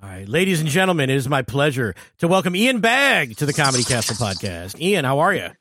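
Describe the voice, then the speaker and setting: A man from the Detroit area hosting a podcast interview, eager and quick to laugh, often trailing off mid-sentence. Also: mid-range voice, very animated, music in the background. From Detroit area, USA. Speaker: podcast host.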